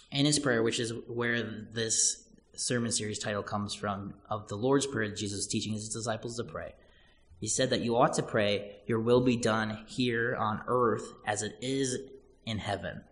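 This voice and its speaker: A man preaching a sermon as pastor, earnest and repetitive, building points through repeated phrases. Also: medium pitch. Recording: long church-hall reverb.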